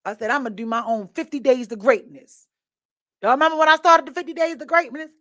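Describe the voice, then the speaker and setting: A woman hosting a podcast, talking in a chatty, animated storytelling way with asides to her listeners. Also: high voice, fast, no echo. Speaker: podcast host. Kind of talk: casual monologue.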